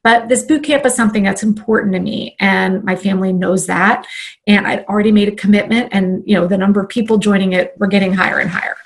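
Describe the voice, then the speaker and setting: A woman who trains people online tells a personal story in an animated way, acting out her own inner thoughts. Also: mid-range voice.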